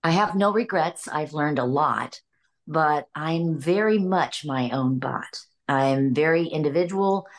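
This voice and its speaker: A woman's voice: deep voice, unhurried. An older woman from Illinois, a voice actress guest, chatting in an interview, laughing often between stories. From Illinois, USA. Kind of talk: casual interview storytelling.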